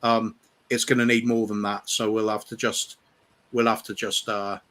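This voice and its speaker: A man's voice: on the low side, little pitch movement, moderate pace, a bit bright. A man as a guest in a casual fan chat, talking hesitantly and repeating his words.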